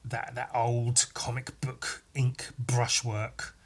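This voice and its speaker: A young man giving rambling, self-deprecating voice-over commentary on his own painting, swearing casually and trailing off quietly at the ends of thoughts. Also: medium pitch, completely flat delivery, takes it slowly, breathy edge. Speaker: artist narrating his painting process.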